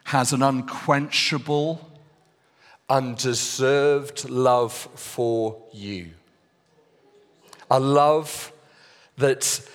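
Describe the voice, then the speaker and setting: A man preaching a sermon as pastor, earnest and deliberate with pauses and fillers. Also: medium pitch, a bit bright. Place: church hall. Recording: long reverb of a church hall.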